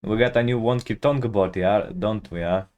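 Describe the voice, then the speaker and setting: A man streaming himself as he reacts to videos, talking in a relaxed, hesitant way with lots of "like". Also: on the low side, normal speed, muffled recording. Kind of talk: casual reaction commentary.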